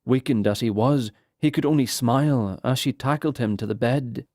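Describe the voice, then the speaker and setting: A man reading fantasy narration for an audiobook in a measured, unhurried way. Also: medium pitch, darkish tone, no echo, clean studio sound.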